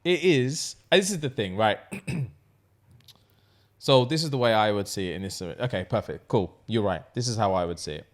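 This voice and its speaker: Loud, laughing podcast host. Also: male voice, fairly low pitch, expressive, normal speed. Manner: loud, laughing, swears a lot, restarts sentences. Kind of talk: casual chat.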